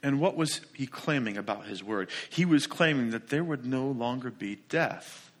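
A man preaching a sermon as pastor, emphatic and full of rhetorical questions, swinging between loud declaration and soft asides. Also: mid-range voice, animated, normal speed.

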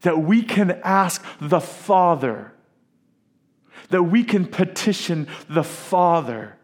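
A middle-aged man preaching a sermon, emphatic, with dramatic pauses and swings from loud to hushed. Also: high voice, lively intonation. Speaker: pastor.

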